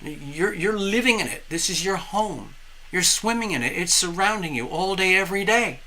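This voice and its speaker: A man voicing a patient snorkel diver who gently explains things to a fish. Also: sits high, animated, moderate pace, poor audio.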